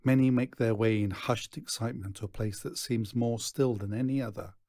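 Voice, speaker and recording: Mellow-voiced man reading a story. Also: medium pitch, steady tone, brisk, no echo. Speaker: teacher reading a novel aloud. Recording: dry close recording.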